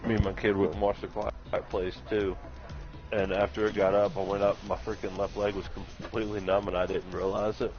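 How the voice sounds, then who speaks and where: Man, low voice, self-mocking storyteller who laughs at his own pain, muffled lo-fi stream audio, faint music underneath. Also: level tone, fairly quick. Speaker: live stream chat participant. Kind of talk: casual storytelling chat.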